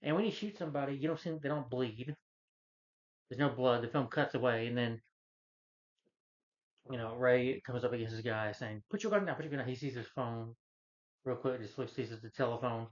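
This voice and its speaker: A man's voice: medium pitch, fairly even intonation, normal speed, long pauses, dull audio. A man giving a rambling, casual movie review rant, retelling scenes and acting out the lines. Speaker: film reviewer.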